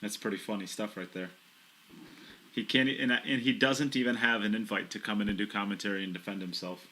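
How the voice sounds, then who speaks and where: A man co-commentates on pool in a fairly low but bright, forceful voice. He is playful and jokes freely with his partner between shots. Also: steady tone, fairly quick, slight background noise. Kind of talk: live sports commentary.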